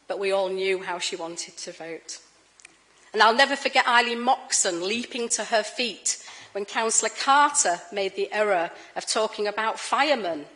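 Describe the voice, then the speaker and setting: A middle-aged woman giving a formal speech in a council chamber, anecdotal and gently humorous. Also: mid-range voice, poor audio. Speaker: incoming Lord Mayor.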